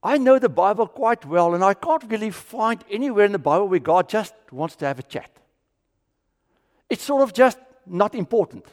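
A man from South Africa preaching a sermon as pastor, swinging from full voice down to hushed, almost whispered lines. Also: sits high, lively intonation, normal speed. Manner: dramatic swings from loud to near-whisper. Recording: long hall reverb.

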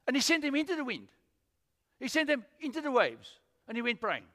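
Animated pastor preaching in a hall. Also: male voice, very high-pitched. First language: Afrikaans. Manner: animated storytelling with acted-out voices. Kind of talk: sermon. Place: church.

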